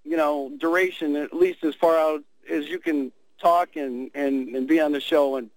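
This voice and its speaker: A man's voice: fairly high pitch, fairly even intonation, moderate pace, no echo, low-quality recording. Casual rambling male caller. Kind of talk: casual chat.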